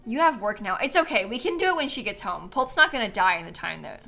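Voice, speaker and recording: Over soft background music, a young woman streams a game live, chatting casually with her chat, reading donations aloud, and laughing at herself often. Her medium-pitched voice is fast, lively in intonation, pushed and bright, with vocal fry.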